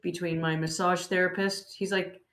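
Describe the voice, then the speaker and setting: A woman's voice: fairly low pitch, level tone, moderate pace, a bit bright, roomy sound. A woman hosting a casual podcast chat, tired from poor sleep, telling candid stories. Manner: candid, storytelling with laughs. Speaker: podcast host.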